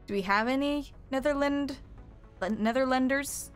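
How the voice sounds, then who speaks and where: A woman's voice: high voice, moderate pace, soft background music. A woman co-hosting a game live stream in casual chat, playful and teasing, laughing often. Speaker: streamer co-host.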